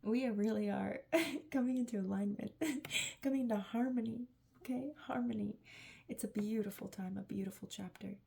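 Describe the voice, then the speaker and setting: A tired, emotional woman giving a gushing, affectionate channeled spiritual message to her viewers, laughing often and dropping into soft whispery asides. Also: fairly high pitch, normal speed, vocal fry, slightly rough. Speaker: tarot reader and channeler.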